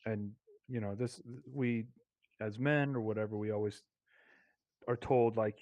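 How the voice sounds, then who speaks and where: A man hosting a podcast in casual conversation. He muses in a measured, reflective way. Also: lowish voice, fairly even intonation, darkish tone, dry recording. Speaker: podcast host.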